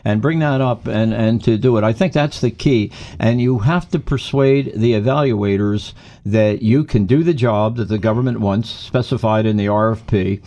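A man's voice: fairly low pitch, normal speed, warm tone, highs cut off. A man who coaches speaking, explaining his points in an emphatic, instructive way during an interview. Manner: explanatory, emphatic, gives tips. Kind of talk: conversational interview answers.

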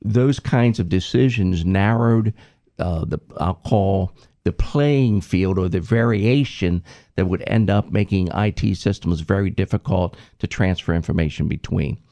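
A man, a former government IT leader, explaining his approach in a measured, methodical way with frequent ums and restarts. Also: low voice, warm tone. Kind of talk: reflective interview answer.

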